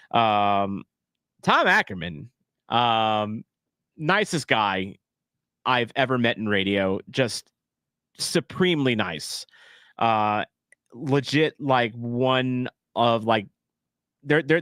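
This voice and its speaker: A man's voice: lowish voice, fairly bright tone, no echo, studio quality. A man in his thirties hosting a casual live watch-along stream, chatty and self-deprecating, rambling between topics.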